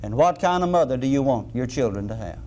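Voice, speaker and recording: A middle-aged man preaching a sermon, folksy and animated, with humorous asides. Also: mid-range voice, fast, a little hiss or hum.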